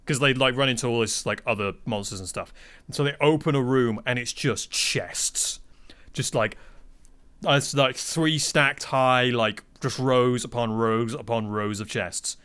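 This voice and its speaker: A man's voice: medium pitch, a little slow, clear, resonant tone. Swearing man telling game stories. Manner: animated anecdotes, acts out quotes, swears freely. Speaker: podcast guest, game master. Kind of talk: casual chat, storytelling.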